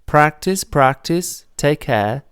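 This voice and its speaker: A man teaching a video lesson, patiently explaining grammar step by step and repeating phrases slowly. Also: a little high, lively intonation, fairly bright tone, smooth, no echo. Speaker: Italian language teacher.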